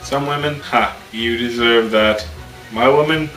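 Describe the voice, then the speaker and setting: Slow, bright young man, playful. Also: mid-range voice, faint music behind. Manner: playful, exclamatory. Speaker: panel member. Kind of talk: casual opinion chat. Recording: roomy room sound.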